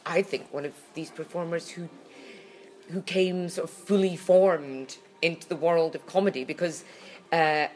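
Low-voiced woman who keeps coughing. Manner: halting, full of restarts and fillers, animated when indignant. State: recurring cough. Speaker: podcast co-host. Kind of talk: casual chat.

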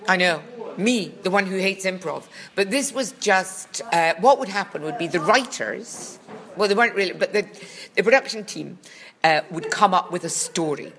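A woman with a Scottish accent, a former children's TV presenter, chats as a podcast guest, rambling through stories with dry, teasing humour in casual comic chat. Her fairly low voice is animated, moderately paced, and a bit bright.

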